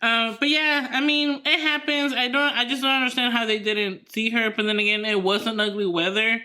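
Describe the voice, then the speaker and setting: A woman's voice: on the high side, steady tone, normal speed, bright, forceful tone. A woman co-hosting a podcast in casual chat, rambling through her story with lots of fillers and restarts. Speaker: podcast co-host.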